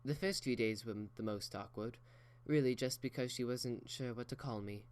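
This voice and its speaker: A man's voice: mid-range voice, moderate pace, a little mellow, clean tone, natural voice. A man voicing an elegant, proper unicorn mare who speaks in a genteel, theatrical way. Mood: breezy.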